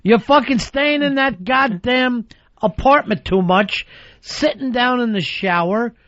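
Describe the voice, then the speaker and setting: Higher-voiced male radio host, profane and theatrically fed up, dry lo-fi broadcast sound. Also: measured pace, a bit bright, dry recording. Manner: profane, mock-exasperated rants. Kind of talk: radio talk show banter.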